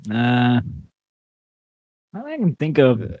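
A man's voice: mid-range voice, huge pitch swings, slow pace, darkish tone. A young man co-hosting a podcast in casual, profane chat while eating. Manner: profane, laid-back, eating while talking. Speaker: podcast co-host.

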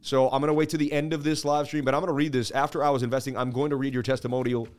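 A man's voice: mid-range voice, little pitch movement, very fast, soft background music. A middle-aged man hosting a crypto trading livestream, salesy and pumped up, calling viewers baby. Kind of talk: hyped livestream chart talk.

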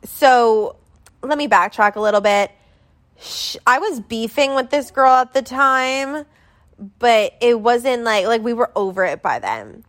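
A woman's voice: fairly high pitch, animated, a little slow, fairly bright tone. A young adult woman telling a story in casual chat, rambling and filling it with constant "like". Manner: rambling, filler-heavy with constant "like".

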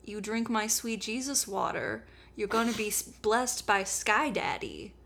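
A woman's voice: fairly high pitch, a little slow, vocal fry, fairly bright tone, heavily acted. A woman voicing a laid-back, sassy modern-day Jesus in a comedic Bible retelling, teasing and slangy. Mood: coaxing.

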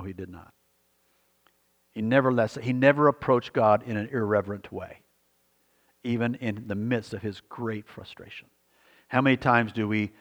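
A man's voice: lowish voice, long reverb tail, lo-fi sound. A male pastor preaching a sermon, earnest and repetitive, often putting questions to the congregation.

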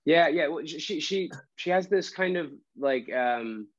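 A man, a trainer, talking casually and hesitantly about a client, with many pauses and fillers. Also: fairly high pitch, expressive, no room sound, muffled recording. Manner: hesitant, full of fillers and restarts. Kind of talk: casual conversation.

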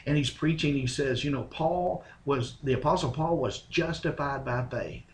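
A man co-hosting a casual church podcast, a lively storyteller who chuckles as he recounts memories. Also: mid-range voice, moderate pace, slight background noise. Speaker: podcast co-host.

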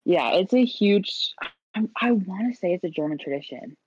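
A woman's voice: fairly low pitch, animated, normal speed, darkish tone, a little hiss or hum. A woman co-hosting a casual holiday podcast chat, explaining things at length in an amused, chatty way. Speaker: podcast co-host. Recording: dull lo-fi mic.

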